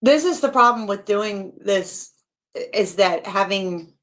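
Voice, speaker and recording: A woman's voice: mid-range voice, expressive, unhurried, a bit bright. A woman chatting casually as she comments live, wry and thinking aloud with asides.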